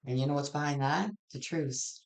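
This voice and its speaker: Speaking at a normal speed in a middle-pitched voice, a tarot reader offers a general reading that feels loose and conversational. The delivery is plain-spoken and frank, with offhand cursing and a rambling style full of restarts.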